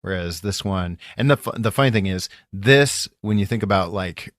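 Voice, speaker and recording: Deep voiced guy on a movie podcast, lots of uhs, dry sound. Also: no echo. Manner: halting, filler-heavy. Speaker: podcast co-host. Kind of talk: casual movie review chat.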